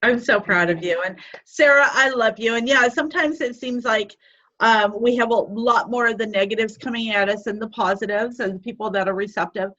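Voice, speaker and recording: A woman's voice: a little high, a little fast. Encouraging woman on dull lo-fi audio. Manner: warm encouraging pep talk. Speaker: team mentor. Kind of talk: casual motivational chat.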